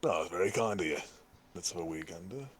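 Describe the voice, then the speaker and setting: Low-voiced man bantering in character. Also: animated, quick pace. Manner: jokey, swearing banter. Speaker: player. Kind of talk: in-character tabletop play.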